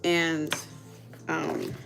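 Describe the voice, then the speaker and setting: A woman livestreaming, telling a story in a chatty, animated way. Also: low-pitched, extremely slow, gravelly, over music, low-quality recording. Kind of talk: casual storytelling chat.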